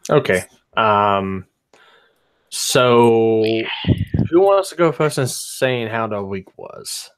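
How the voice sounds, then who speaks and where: A man's voice: mid-range voice, expressive, takes it slowly, clean tone. A man hosting a casual podcast, laid-back and leading the talk. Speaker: podcast host. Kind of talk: casual group chat.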